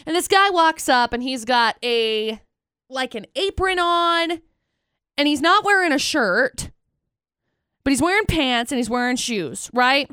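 A woman's voice: high voice, animated, a little slow, pushed and bright, no echo, clean studio sound. A young woman co-hosting a morning radio show, telling stories animatedly and laughing easily. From United States. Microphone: studio microphone.

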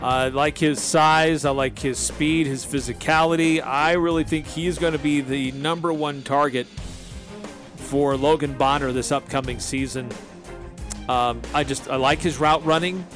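A man's voice: on the high side, moderate pace, soft background music. Chatty male sports radio host. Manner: chatty, relaxed, frequent fillers. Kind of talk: casual sports radio chat.

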